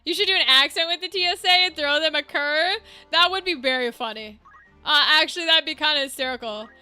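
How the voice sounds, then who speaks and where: A woman streaming a game, chatting casually and thinking out loud as she sorts out gear. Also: high voice, a little fast. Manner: chatty, thinks aloud, easily amused. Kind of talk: casual gameplay chat. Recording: game music underneath.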